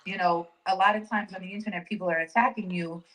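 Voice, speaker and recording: A woman's voice: fairly low pitch, fairly even intonation, quick pace, fairly bright tone, rough recording. A woman in a casual discussion, talking frankly and reflectively, swearing now and then. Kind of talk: casual chat.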